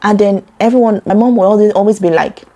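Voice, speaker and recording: A Nigerian woman talking earnestly to camera about a personal topic, getting animated when she quotes other people. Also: mid-range voice, quick pace. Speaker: vlogger.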